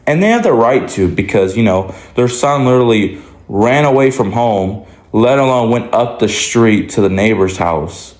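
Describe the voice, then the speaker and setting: A man's voice: mid-range voice, expressive, moderate pace, a little mellow. A man vlogger telling a casual story, rambling with lots of "like" and restarts. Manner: rambling, many likes and restarts. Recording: roomy echo.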